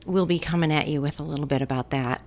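This woman co-hosts a relaxed movie chat, speaking quickly in a deep, darkish voice with a faint hiss or hum in the background. She sounds enthusiastic and chatty, leaning heavily on fillers.

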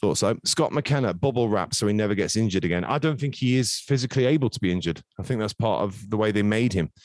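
A fast-talking man with a lowish voice hosts a casual football podcast. He jokes with his guests and swears freely. The sound is close and dry. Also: lively intonation, no echo. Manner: brisk, jokey, swears freely. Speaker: podcast host.

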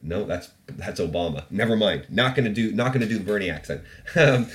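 A man's voice: fairly low pitch, animated, brisk, fairly bright tone. A man hosting a podcast in a studio, ranting about the news in casual, profane, opinionated commentary. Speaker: podcast host.

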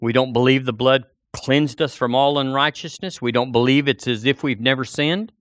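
A man preaching a sermon in church, animated and acting out a doubter's inner voice. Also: mid-range voice, moderate pace, dry recording, studio quality. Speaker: pastor.

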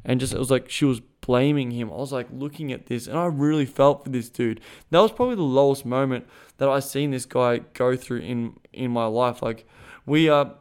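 A man's voice: medium pitch, moderate pace, a little mellow, clear, resonant tone. A man hosting a podcast as a sexuality coach, talking in a frank, emphatic and profane way, with many restarts. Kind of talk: casual monologue.

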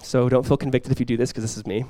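A man's voice: medium pitch, level tone, racing, mellow, no room sound. A young adult male pastor giving a conversational sermon, joking and acting out little quotes.

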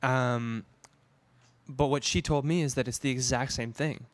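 A man co-hosting a casual podcast chat, candid and quick to laugh, often trailing off mid-thought. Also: medium pitch, fairly even intonation, no echo. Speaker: podcast co-host.

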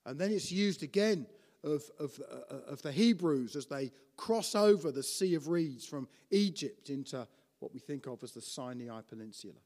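A man preaching a teaching sermon in an animated way, often restarting and putting questions to his listeners. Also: on the high side, moderate pace, in a large hall.

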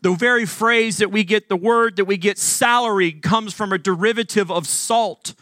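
A man's voice: high voice, moderate pace, a bit bright, dry recording, clean studio sound. A man from Arkansas preaching a sermon as pastor, earnest and emphatic, asking the congregation questions.

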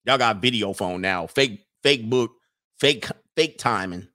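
A man, riffing in casual comedic commentary with animated, laughing, slangy storytelling. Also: on the low side, a little slow. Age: 40s.

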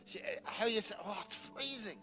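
A man's voice: sits high, a little fast, faint music behind. A man in his fifties with a New Zealand accent, a pastor telling funny, teasing stories at a church service. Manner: jovial, animated, teasing anecdotes. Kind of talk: humorous storytelling at church service.

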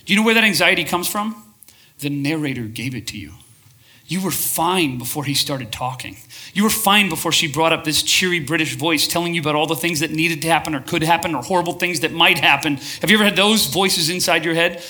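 A man's voice: fairly high pitch, pushed and bright. A man preaching a sermon to a live congregation, passionate and restless, often asking for a show of hands and restarting his phrases as he builds up. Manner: passionate, asks the crowd for shows of hands. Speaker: pastor.

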